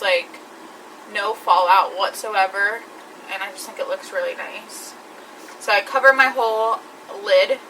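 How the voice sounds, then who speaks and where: A woman's voice: mid-range voice, pushed and bright, distant mic, slight background noise, rough recording. A woman talking through her makeup routine step by step in a chatty vlog. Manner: chatty, explains each step. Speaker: beauty vlogger. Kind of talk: makeup tutorial.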